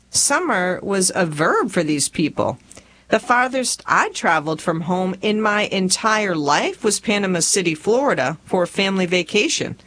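Southern woman, 40s, memoir audiobook narrator, humorous down-home storyteller. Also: a little hiss or hum. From rural Tennessee. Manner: folksy, humorous storytelling with lively pitch.

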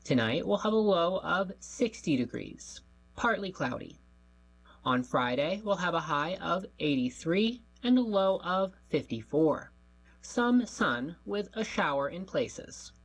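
Radio reader: woman, husky, steady, reads the forecast plainly. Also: lowish voice, measured pace, rough recording. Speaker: volunteer newspaper reader. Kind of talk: reading a weather forecast aloud.

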